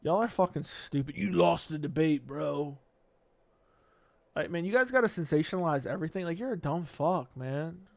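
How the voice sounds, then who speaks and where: A man's voice: a little high, animated, moderate pace, vocal fry. A man hosting a casual live stream, reading viewer comments aloud and ranting back at them with brash, profane talk. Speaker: livestream host.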